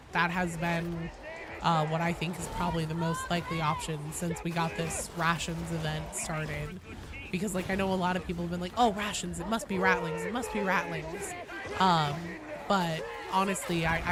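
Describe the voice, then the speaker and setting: A woman game streamer with a badly damaged, hoarse voice, coughing now and then as she chats casually with her live chat, rambling and swearing freely. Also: fairly low pitch, background noise. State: coughing between sentences. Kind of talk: casual livestream chat, answering chat.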